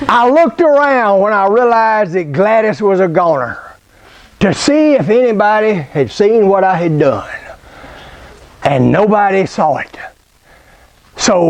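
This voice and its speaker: A man preaching a sermon through a folksy, unhurried personal story. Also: sits high.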